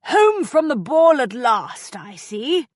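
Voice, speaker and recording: A woman voicing an elegant silver-haired older gentleman who speaks with dry, courtly amusement, in a lively, fairly high voice in a dry room. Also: slow pace, no room sound, heavily acted. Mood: amused.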